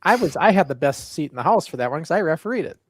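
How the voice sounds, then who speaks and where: A man co-hosting a wrestling show, talking in a rambling, halting, good-natured way. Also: a little high, very animated, no echo. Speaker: co-host. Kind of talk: casual wrestling show chat.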